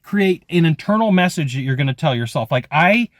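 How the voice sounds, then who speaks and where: A man's voice: fairly high pitch, lively intonation, fairly quick, dry recording, clean studio sound. A man in his forties giving a casual, rambling motivational talk about sales, full of "like" and "okay". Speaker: sales trainer.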